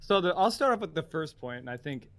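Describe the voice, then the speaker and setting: A man's voice: fairly high pitch, big pitch swings, a little fast, creaky, a bit bright. A young man, a streamer guest, earnestly laying out his argument in a casual podcast discussion. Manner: earnest, building into an argument after mic fiddling.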